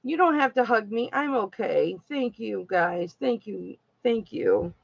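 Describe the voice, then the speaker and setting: A woman's voice: a little high, lively intonation, unhurried, creaky, dry recording, dull audio. A woman talking candidly and at length to her live-stream viewers in a heartfelt, rambling way. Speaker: live-stream jewelry seller.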